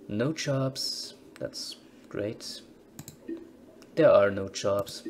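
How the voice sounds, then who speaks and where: A man's voice: on the low side, drawn-out words, over music. A man casually commentating on a game he plays, reading its text aloud and adding dry, wry asides. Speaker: let's-play host.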